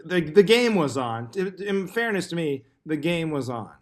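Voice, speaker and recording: A man's voice: fairly high pitch, very animated, normal speed, a little hiss or hum. Man rambling jokingly on a podcast. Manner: rambling, joking, lots of fillers. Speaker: podcast host. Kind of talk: casual comedy podcast chat.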